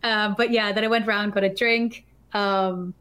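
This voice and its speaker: A woman guest on a podcast, telling a story in an animated, chatty way, full of filler words. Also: mid-range voice, measured pace. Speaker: podcast guest, developer advocate. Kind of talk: casual storytelling chat.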